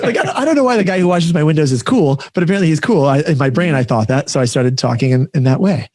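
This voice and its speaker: A man hosting a podcast, telling an animated, self-deprecating story in casual chat, full of "like". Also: on the high side, fast, no echo, studio quality. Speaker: podcast host.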